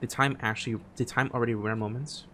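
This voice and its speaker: A man streaming a game, reading its text aloud, often stumbling and restarting phrases and dropping quiet asides. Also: medium pitch, steady tone, fast, a little hiss or hum. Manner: drops quiet asides between read lines.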